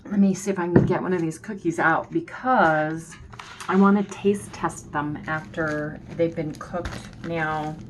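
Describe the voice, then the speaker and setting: A woman's voice: low-pitched, fairly even intonation, unhurried, slight background noise, low-quality recording. A middle-aged woman chatting casually and upbeat to her viewers on a phone. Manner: upbeat, talks straight to viewers. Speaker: vlogger. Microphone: handheld phone.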